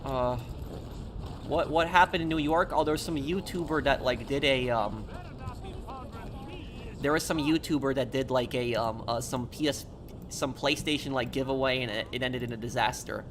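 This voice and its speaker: A man streaming a game, chatting casually with viewers in a halting, hesitant way full of restarts. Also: mid-range voice, background noise. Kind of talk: casual live-stream chat.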